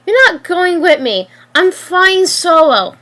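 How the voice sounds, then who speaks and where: A woman's voice: extremely high pitch, big pitch swings, slow, bright, forceful tone, pitched above the performer's own voice, exaggerated voice. A woman voicing a cocky male virus. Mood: dismissive. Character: cocky young male virus, cold and defiant. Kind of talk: amateur story reading.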